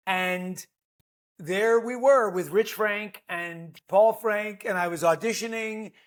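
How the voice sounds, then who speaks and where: A middle-aged man, an actor guest, telling a lively, playful anecdote on a podcast. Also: high-pitched. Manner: lively storyteller, playful, self-deprecating.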